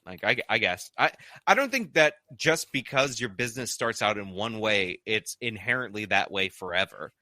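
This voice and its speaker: A man's voice: on the low side, lively intonation, moderate pace, hardly any pauses, sharp tone, dry recording. A man hosting a casual live stream, reading viewer messages aloud with lots of "like" fillers. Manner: reads donor messages aloud with many "like" fillers. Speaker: streamer reading super chats.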